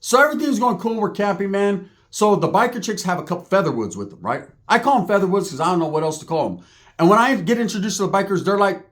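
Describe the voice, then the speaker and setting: A man telling a profane, comic story in casual talk, tagging his lines with "right?". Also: high voice. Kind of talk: comedic storytelling.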